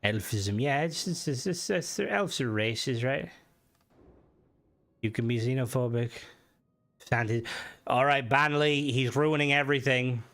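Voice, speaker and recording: A male game streamer talks loosely to his chat at a middling pitch, stumbling through fillers and restarts. He swears freely, and his voice jumps up sharply when something riles him. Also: measured pace, long pauses, fairly bright tone. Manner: rambling and profane, many fillers, jumps up in pitch when worked up. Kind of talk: casual live-stream chat.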